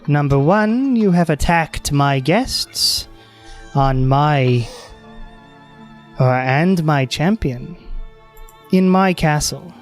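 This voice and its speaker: A man voicing a towering, long-fingered fey woman who speaks with calm, slow menace in a tabletop game. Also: fairly high pitch, faint music behind. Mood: menacing calm. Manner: calm, measured, slow drawn-out threats. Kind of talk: tabletop game role-play.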